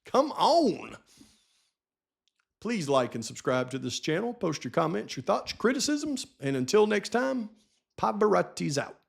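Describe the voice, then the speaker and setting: A man's voice: high-pitched, sing-song, moderate pace, gravelly. Sarcastic, exasperated man. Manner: sarcastic, rhetorical questions, exasperated. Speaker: channel host. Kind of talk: true crime commentary vlog.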